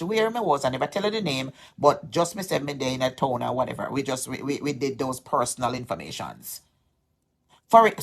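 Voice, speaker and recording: A Jamaican woman vlogging in a heated callout, her voice sitting somewhat low. She presses her complaint insistently and circles back over the same points again and again, aggrieved. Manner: aggrieved, insistent, repeats herself. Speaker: social media vlogger. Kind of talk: heated direct-to-camera callout.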